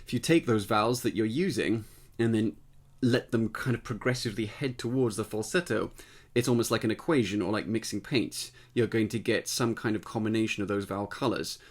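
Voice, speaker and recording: A man giving a casual spoken singing lesson, explaining step by step and checking in with the listener, his voice tired and slightly husky. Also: on the low side, fairly quick. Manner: explanatory, conversational, often checks in with "right?". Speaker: voice teacher.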